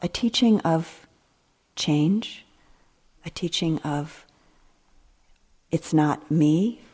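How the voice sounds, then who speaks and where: An older woman giving a dharma talk as a meditation teacher, speaking slowly and reflectively, with trailing phrases that sometimes sink to a near whisper. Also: deep voice, darkish tone, breathy edge.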